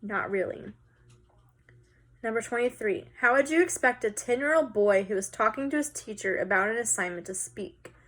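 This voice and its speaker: A woman teacher casually walking students through a recorded lesson, talking in a relaxed way with some filler words. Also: fairly high pitch, moderate pace.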